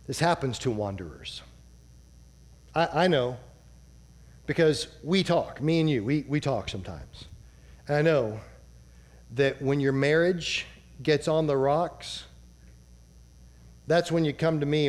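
A male pastor preaching a sermon dramatically, dropping to a low hush on key words. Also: takes it slowly, pauses often.

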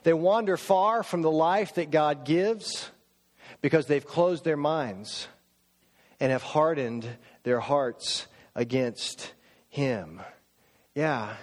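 High-voiced preacher in a reverberant church. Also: male voice. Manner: emphatic, with rhetorical questions and slowed words for emphasis. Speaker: pastor. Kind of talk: sermon. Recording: long church hall reverb.

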